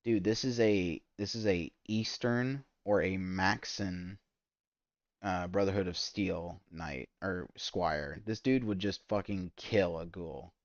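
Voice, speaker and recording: A man streaming a game, ranting in exasperated, profane commentary that spikes loud and high. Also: takes it slowly, no echo, dull audio. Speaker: gaming streamer. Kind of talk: ranting commentary while gaming.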